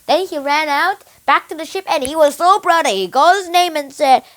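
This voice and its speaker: A young book reviewer excitedly retelling a story in a casual, animated way. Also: high voice, brisk, a little hiss or hum, rough recording.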